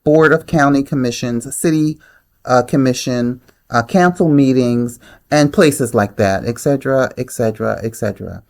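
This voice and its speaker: A woman's voice: very deep voice, darkish tone. A woman hosting her own channel, giving blunt, opinionated commentary on the news in a casual way. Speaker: channel host.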